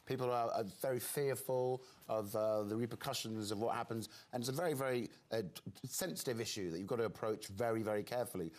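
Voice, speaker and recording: A man, a chat show guest, talking in a lively way and laughing at himself. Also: mid-range voice, fast, hardly any pauses.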